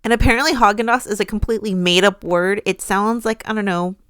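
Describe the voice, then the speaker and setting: A chatty woman co-hosting a casual talk show, retelling clips with bursts of laughter. Her voice is smooth and clear, recorded close and dry with no room sound. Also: medium pitch, fast, fairly bright tone, dry recording. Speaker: co-host. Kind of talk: casual chat.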